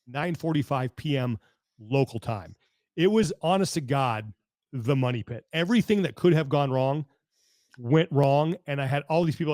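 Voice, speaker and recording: A man hosting a podcast over a video call, telling a story in an animated, exasperated way that keeps breaking off and restarting. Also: fairly high pitch, no echo, studio quality. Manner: animated, exasperated rambling with self-interruptions. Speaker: podcast host. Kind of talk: casual storytelling chat.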